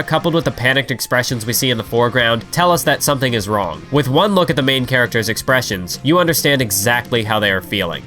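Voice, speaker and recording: Bright-voiced young man reviewing videos. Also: medium pitch. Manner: analytical, with bursts of enthusiasm. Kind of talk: scripted review voice-over.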